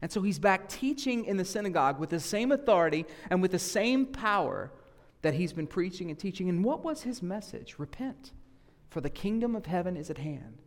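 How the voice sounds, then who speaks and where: A man with a Southern US accent delivers a sermon in a lively, conversational way, swinging his pitch widely as he acts out the people he quotes. His voice sits a little high for a man. The sound carries a long reverb, as if from a church sanctuary. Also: fairly quick. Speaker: guest preacher. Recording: echoey hall reverb.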